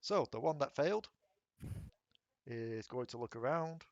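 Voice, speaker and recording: A man with a mid-range, expressive voice runs a tabletop game as game master, narrating and rolling dice. He's chatty and laughs often, with quick bursts of rules talk. The recording is dry and lo-fi.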